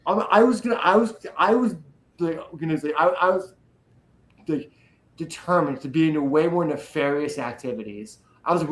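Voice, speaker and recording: A man's voice: fairly high pitch, moderate pace, low-quality recording. A young man talking casually, swearing freely and rambling with energy. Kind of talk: casual chat.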